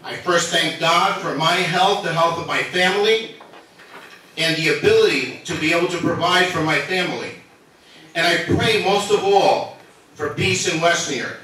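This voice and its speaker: A man's voice: a little high, expressive, normal speed, pushed and bright. Nervous man in an echoey chamber. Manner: earnest, emotional, defending himself. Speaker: resident speaking at public comment. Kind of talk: formal public statement. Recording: echoey hall from far off.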